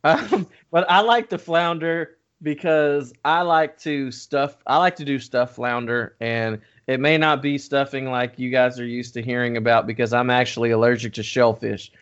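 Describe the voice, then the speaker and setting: A man hosting a casual fishing podcast, talking in an animated, teasing way with laughs. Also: medium pitch, moderate pace, hardly any pauses, clean tone, lo-fi sound.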